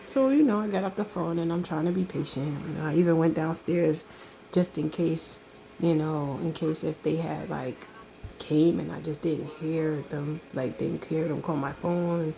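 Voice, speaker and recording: A middle-aged woman telling a casual story about a delivery, animated, laughing and acting out the other voices. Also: low voice, normal speed, gravelly, slight background noise, rough recording. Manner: animated, laughs often, acts out quoted voices.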